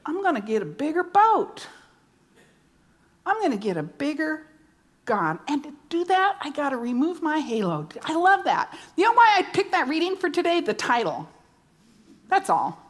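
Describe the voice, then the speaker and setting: A woman's voice: high-pitched, sing-song, normal speed. A woman minister preaching a sermon, emphatic, repeating key words and asking rhetorical questions.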